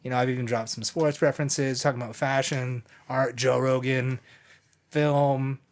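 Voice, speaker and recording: A man's voice: mid-range voice, little pitch movement, moderate pace. A man hosting a podcast in casual chat, rambling and joking, often correcting himself mid-sentence. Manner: rambling, jokey, self-correcting. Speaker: podcast host.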